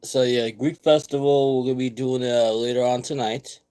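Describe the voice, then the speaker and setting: A man's voice: mid-range voice, steady tone, a little fast, dark tone, clear, resonant tone. A man hosting his own vlog, rambling casually, repeating words and restarting his sentences. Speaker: vlogger host.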